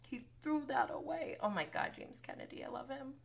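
A woman's voice: high-pitched, expressive, fairly quick, gravelly. A woman hosting a casual reality TV recap livestream, gossiping, swearing, laughing often and acting out what the cast said. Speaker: recap host.

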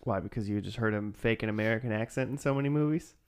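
A man's voice: fairly low pitch, quick pace, clean tone. Joking man hosting a podcast. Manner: joking, teasing. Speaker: podcast host. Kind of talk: casual chat.

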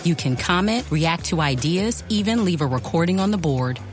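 A breezy, helpful young coworker who clearly knows her tools, as a woman acts her out in an advert. Her voice is low for a woman, with soft music running underneath. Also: animated, moderate pace, natural voice. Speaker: actor in an advert. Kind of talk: scripted advert dialogue.

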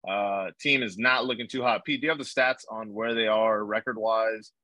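A man's voice: fairly low pitch, steady tone, moderate pace, sharp tone, no echo, poor audio. A young man hosting a casual podcast, telling rambling stories with lots of fillers and swearing. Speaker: podcast host. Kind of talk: casual chat.

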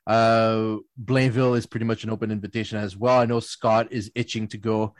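A man's voice: fairly low pitch, flat delivery, fairly quick, no echo. A man telling rambling anecdotes on a casual podcast panel, often laughing and restarting his sentences. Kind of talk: casual storytelling chat.

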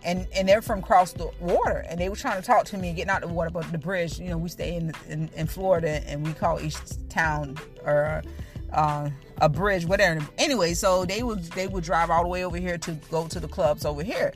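A woman's voice: lowish voice, fairly quick, music in the background. Earnest woman giving a candid testimony. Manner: earnest, repetitive, talks straight to listeners. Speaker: speaker sharing her testimony.

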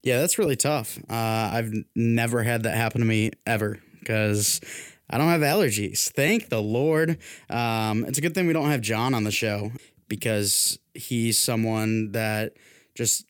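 A man's voice: lowish voice, a little slow, dry recording, clean studio sound. Chatty male sports podcast host. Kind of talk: casual sports podcast chat.

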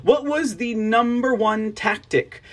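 A man's voice: very high voice, slow pace, fairly bright tone. A man hosting a political livestream news show, chatting casually, laughing often and reading viewer comments aloud.

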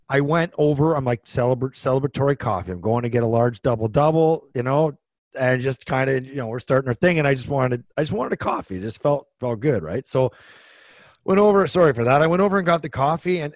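A man in his forties co-hosting a hockey podcast, chatting loosely and circling back over his own words. His voice sits in a middle pitch and sounds dry and close to the mic, with no room around it. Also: expressive, quick pace, dry recording. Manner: rambling storyteller with many restarts. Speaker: podcast co-host, former hockey player. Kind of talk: casual chat.

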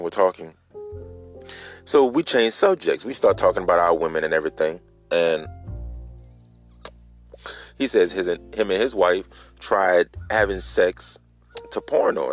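A man hosting a casual solo podcast, telling a story in a loose, rambling way and talking straight to his listeners. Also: low-pitched. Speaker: podcast host.

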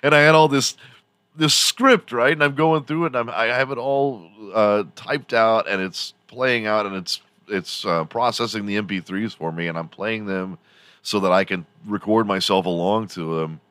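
A man's voice: lowish voice, moderate pace, fairly bright tone, no echo. A man hosting a podcast, telling a rambling story in a casual, profane way and laughing often as he goes. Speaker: podcast host.

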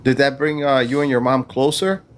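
A man hosting a podcast, asking gentle, probing questions padded with fillers. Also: medium pitch, flat delivery, moderate pace, a little hiss or hum. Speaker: podcast host. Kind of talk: interviewing a guest.

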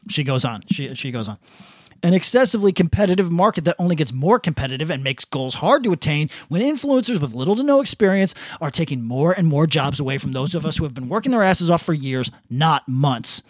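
A man's voice: fairly high pitch, very animated, a little fast, no room sound, studio quality. A man co-hosting a casual podcast, reading online comments aloud and mocking them with profanity. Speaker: podcast co-host.

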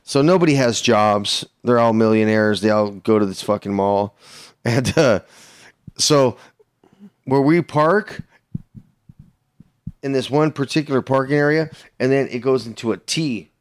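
A man casually telling a story on a podcast, swearing constantly and acting out the quotes loudly. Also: medium pitch, a little slow, long pauses. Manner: profane, laid-back storyteller with loud acted-out quotes.

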